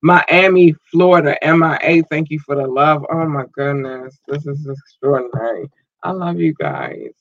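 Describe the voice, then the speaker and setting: A man hosting a podcast, playfully giving casual shout-outs to his listeners and jumping into high squeals. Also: big pitch swings, unhurried, dry recording, lo-fi sound. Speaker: podcast host.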